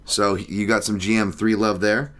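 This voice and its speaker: A man hosting a podcast, chatting casually about martial arts and reading listener picks, animated and quick to laugh. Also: fairly low pitch, slight background noise. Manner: animated, laughs often, joking. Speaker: podcast host.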